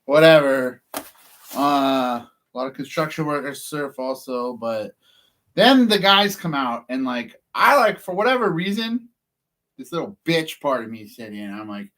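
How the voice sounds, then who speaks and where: A man's voice: fairly high pitch, sing-song, a little slow, long pauses, fairly bright tone. A man from California, rambling through a casual story to the camera, swearing often and laughing at himself. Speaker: process server vlogger.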